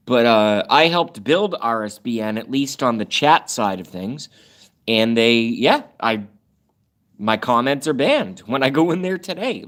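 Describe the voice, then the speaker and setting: Rambling, profane man ranting on a livestream. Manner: rambling, profane, sudden jumps in pitch and loudness. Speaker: livestream host. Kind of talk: ranting livestream, reading chat aloud.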